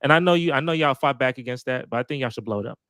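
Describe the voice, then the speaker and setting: Animated, emphatic male sports co-host, fast and dry. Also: medium pitch, clean tone, dry recording. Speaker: podcast co-host. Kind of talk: casual sports chat.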